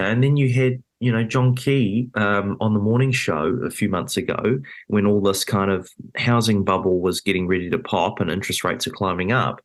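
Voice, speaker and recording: A man talking politics as a podcast guest, emphatic and indignant, with many fillers. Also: on the low side. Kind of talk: animated political chat. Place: podcast studio.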